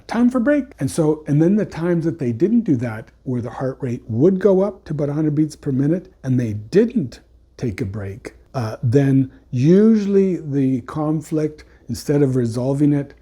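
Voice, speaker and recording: A man's voice: mid-range voice, warm tone, breathy edge. A man who works as a couples counselor, giving an unscripted explanation in a conversational way, full of "you know" fillers and restarts. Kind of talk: unscripted educational talk.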